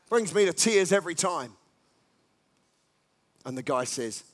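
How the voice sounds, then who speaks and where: Male preacher with a high voice, emphatic and repetitive, swinging from quiet asides to loud calls to action. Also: animated, unhurried. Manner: emphatic, repetitive exhortation with sudden loud rallying cries. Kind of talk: sermon.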